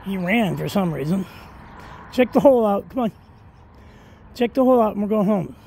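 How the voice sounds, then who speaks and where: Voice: medium pitch, lively intonation, normal speed, gravelly, warm tone, a little hiss or hum. A person talking to their cat in a casual, coaxing, sing-song way while filming a walk outdoors in the cold on a phone. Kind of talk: casual talk to a pet.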